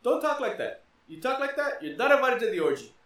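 A man putting on a voice for a loud, boastful god-king Zeus who bursts out indignantly. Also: very high voice, very animated, fast talker, pitched above the performer's own voice, exaggerated voice. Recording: roomy echo.

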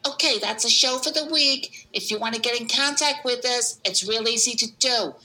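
A pushy Bronx woman, played by a woman, barks at listeners in a blunt, mock-tough way. Her voice sits high and very bright, cutting through. The Bronx accent is thick. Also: normal speed, low-quality recording. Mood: brash. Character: brash loud woman from the Bronx. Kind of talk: spoofed podcast hosting in a voicemail.

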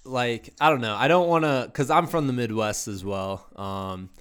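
A man's voice: medium pitch, moderate pace, clean tone. A man from Iowa hosting a casual interview, easygoing, with short affirmations and frequent laughs. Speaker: podcast host.

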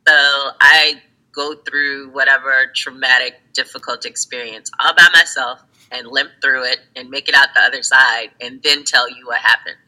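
A woman's voice: rumbling low, steady tone, moderate pace, bright, forceful tone, poor audio. A woman in casual conversation, telling stories animatedly, acting out her friends in quotes and laughing often. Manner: laughs often while talking. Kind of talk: casual chat.

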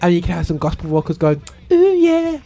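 A man's voice: a little high, level tone, rapid-fire, warm tone, slightly rough, faint music behind. A man hosting a radio show in casual chat, playful and rambling, full of slang and restarts.

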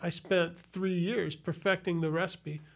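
Middle-aged male comic guest, high voice, dry wry delivery, easygoing chat. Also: fairly even intonation, unhurried, creaky, faint music behind. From Chicago, United States. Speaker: comedian guest. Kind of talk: casual podcast chat.

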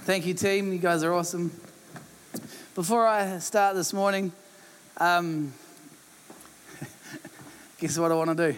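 A male pastor opens the service in a relaxed, chatty way, chuckling as he goes. His voice sits fairly high, with a faint background hum. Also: takes it slowly, pauses often. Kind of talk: casual sermon opener.

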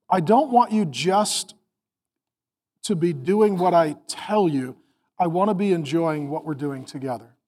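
A middle-aged man preaching a sermon to parents, animated and acting out family scenes, then dropping to a soft calm voice. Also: high voice. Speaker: pastor.

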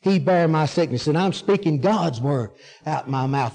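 A man's voice: a little high, animated, moderate pace, a little mellow, soft background music. A man preaching a sermon, emphatic and drawling key words as he asks and answers his own questions. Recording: long hall reverb.

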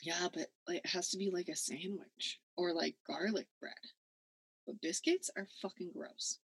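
A woman's voice: fairly low pitch, steady tone, normal speed, husky, no room sound. A young woman co-hosting a casual podcast, blunt and sweary, laughing often as she chats over a call. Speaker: podcast co-host. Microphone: video call.

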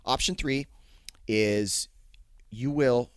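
A man hosting a casual comedy podcast, laying out absurd scenarios in a deadpan way. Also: mid-range voice, drawn-out words, clean tone, dry recording, clean studio sound. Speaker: podcast host.

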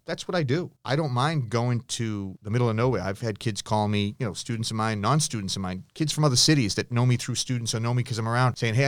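A middle-aged man, a photographer and teacher, answering interview questions with animated anecdotes, acting out voices and restarting often. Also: on the low side, dry recording, studio quality. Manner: many restarts and fillers.

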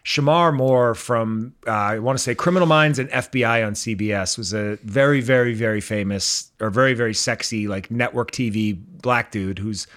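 A man co-hosting a podcast, chatting casually and telling rambling stories with quick impressions. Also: mid-range voice, a bit bright. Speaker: podcast co-host. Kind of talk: casual chat.

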